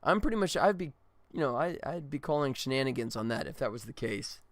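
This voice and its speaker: A man's voice: medium pitch, lively intonation, fairly quick, no echo. A tired middle-aged man, a game developer, chatting casually and ramblingly on a livestream. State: exhausted.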